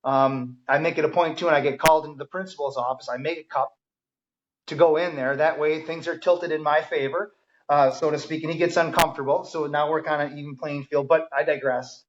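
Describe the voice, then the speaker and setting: A firefighter appears as a guest on a podcast, a man whose fairly high voice moves along quickly with fairly even intonation. He tells his stories casually and enthusiastically, full of ums and restarts. The audio is dull and lo-fi.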